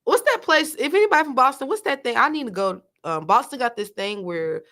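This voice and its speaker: Woman co-host, lively swings in pitch, chatty and rambling. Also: brisk. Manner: animated, chatty, restarts a lot. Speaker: podcast co-host. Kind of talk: casual chat.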